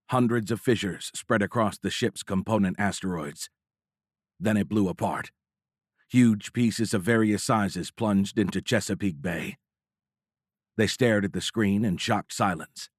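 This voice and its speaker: Low-voiced male thriller narrator. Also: no room sound, clean studio sound. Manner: measured, dramatic thriller reading. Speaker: audiobook narrator. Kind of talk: scripted narration. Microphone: close studio mic.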